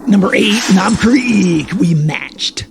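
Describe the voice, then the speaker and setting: A man reading out a ranked list in a lively, announcing way on a podcast. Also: high-pitched, takes it slowly, gravelly, noisy background. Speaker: list reader.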